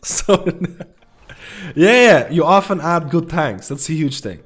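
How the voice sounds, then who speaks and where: A man's voice: fairly high pitch, expressive, measured pace, pauses often, a bit bright. A man livestreaming a game, giving rambling, repetitive advice in casual talk, swearing and saying "dude" and "man" a lot. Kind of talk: casual gaming commentary.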